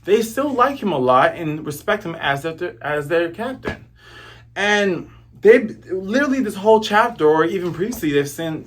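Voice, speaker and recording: An animated man gives casual commentary on a comic, joking as he goes and acting out the characters. His husky voice rises fairly high and swings widely in pitch. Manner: animated, jokes and acts out characters. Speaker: comic book reviewer.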